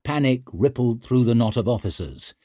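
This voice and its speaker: A man narrating an audiobook in an expressive, dramatic storytelling manner. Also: mid-range voice, moderate pace, no echo, studio quality. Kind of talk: scripted narration.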